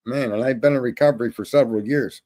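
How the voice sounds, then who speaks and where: A middle-aged man acting as host tells a story in a casual monologue, swearing freely, staying animated, and laughing often. His voice is medium in pitch and his pace is quick.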